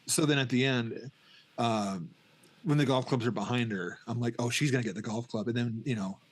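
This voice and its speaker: A man's voice: mid-range voice, normal speed, dry recording. A middle-aged man co-hosting a podcast, chatting casually about a film, rambling with many restarts and acting out scenes. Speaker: podcast co-host. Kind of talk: casual film review chat.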